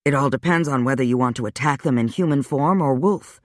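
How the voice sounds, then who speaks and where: A man voicing a weary, wry male vampire, speaking low and subdued in a dry audiobook reading. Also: a little fast, dry recording, natural voice. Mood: steady.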